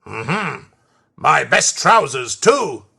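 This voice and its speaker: A storybook reader voicing a stern, pompous railway boss who scolds loudly and grumbles with hums. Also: medium pitch, big pitch swings, drawn-out words, creaky, husky, exaggerated voice. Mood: scolding. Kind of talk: storybook reading.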